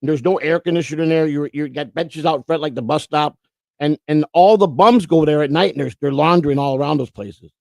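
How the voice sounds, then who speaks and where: A man's voice: a little high, a little fast, gravelly, darkish tone, no room sound. Swearing, rambling man telling stories. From Florida. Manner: rambling storytelling, swears freely. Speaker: co-host. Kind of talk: casual livestream chat.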